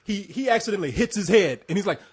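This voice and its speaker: A man co-hosting a casual film review podcast, jokey and teasing, with a husky voice. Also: high voice, lively intonation. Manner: jokey, teasing, quick with gags.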